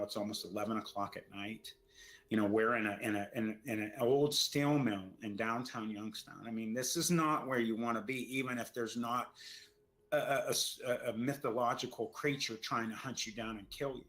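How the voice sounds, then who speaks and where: A man's voice: fairly low pitch, steady tone, moderate pace, a bit bright, rough recording. A middle-aged man telling a frightening story, shaken and stammering, repeating his words as he goes. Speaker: storyteller recounting an encounter. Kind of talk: emotional first-person storytelling.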